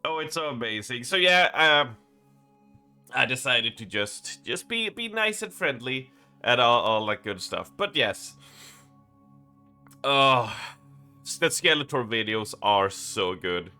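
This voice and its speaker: A man's voice: mid-range voice, sing-song, takes it slowly, long pauses, pushed and bright, clear, resonant tone, soft background music. A young man chatting casually on a live stream, rambling with lots of fillers, his voice a little strained and worn.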